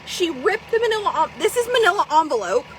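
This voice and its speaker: A woman vlogging live in casual chat, swearing freely and laughing often as she tells animated stories. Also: very high voice, fast, a little hiss or hum, rough recording.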